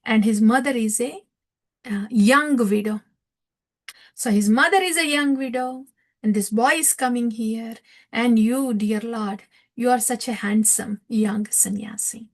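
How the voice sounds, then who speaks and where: Brief: woman doing an earnest male devotee voicing his concern, emphatic, pitched up. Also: measured pace. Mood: worried. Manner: pleading, worried, emphatic.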